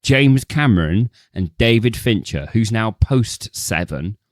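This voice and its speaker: A man's voice: fairly low pitch, animated, a little slow, dry recording, studio quality. A man co-hosting a casual film podcast, laughing often and swearing freely as he acts out quoted voices. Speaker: podcast co-host.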